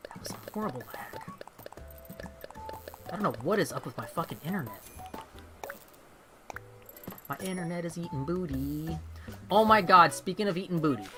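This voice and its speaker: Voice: medium pitch, lively intonation, moderate pace, long pauses, over music. A vtuber streamer in casual livestream chat, rambling and swearing freely and laughing often while playing a game at home.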